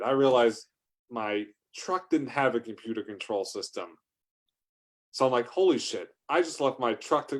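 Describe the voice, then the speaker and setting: Male comic storyteller, rambling and profane, prone to sudden over-the-top outbursts. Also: medium pitch. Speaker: comedic storyteller.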